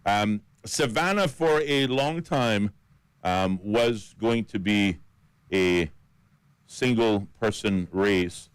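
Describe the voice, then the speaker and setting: A man's voice: on the low side, slow pace, clean tone, no echo, rough recording. A man with a Caymanian accent co-hosting a radio talk show, running through lists of names with fillers. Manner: steady list-reading with fillers. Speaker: radio co-host. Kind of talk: radio talk about election candidates. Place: radio studio.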